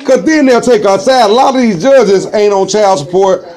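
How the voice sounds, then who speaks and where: Animated, slightly high-voiced man telling stories. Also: moderate pace. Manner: loud, animated storytelling, acting out voices. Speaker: storyteller in a casual conversation. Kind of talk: casual chat.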